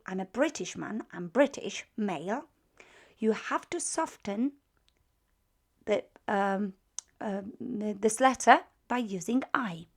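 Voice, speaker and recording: Slow-talking woman teaching a grammar lesson. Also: mid-range voice. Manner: slow, patient, repeats words to drill them. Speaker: language teacher.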